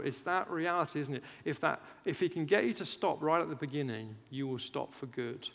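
A man preaches a lively sermon, his voice sitting a little high for a man. He rises in volume and pitch to make a point and acts out lines for effect. A long reverb from the hall trails behind every phrase. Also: normal speed, gravelly. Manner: animated, rises loud for emphasis, acts out chants, laughs at himself.

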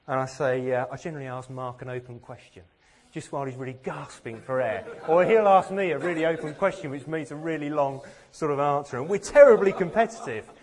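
A man's voice: mid-range voice, a little fast, hardly any pauses. A man from England giving a sermon, earnest and self-deprecating, with plenty of rhetorical questions. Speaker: preacher.

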